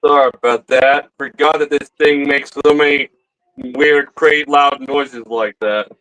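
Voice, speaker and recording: A man co-hosting a casual livestream chat who talks in a drawn-out way and repeats his phrases. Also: mid-range voice, steady tone, fairly bright tone, no room sound, rough recording.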